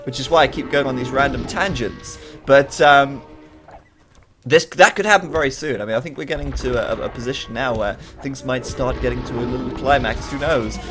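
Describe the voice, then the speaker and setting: A man commentating a strategy video game live, chatty and excitable, with jokey asides between the action. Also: mid-range voice.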